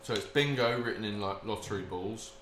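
A man who co-hosts a podcast and teaches, chatting casually in a lively, joking way that is full of swearing. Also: on the low side, fairly quick. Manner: animated, laughing, swearing banter. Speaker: podcast co-host. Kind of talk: casual chat. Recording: echoey room with faint hiss.

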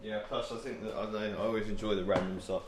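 A man's voice: on the low side, steady tone, fast, noisy background. A man co-hosting a casual podcast at home, with dry, teasing banter. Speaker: podcast co-host. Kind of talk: casual chat. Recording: roomy echo.

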